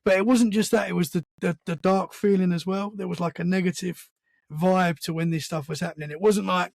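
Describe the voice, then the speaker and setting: A man, a podcast guest, telling a story in casual conversation, animated and full of restarts. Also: sits high, brisk, gravelly, no room sound. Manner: animated storyteller, acts out sounds and quotes; many restarts and "man" fillers.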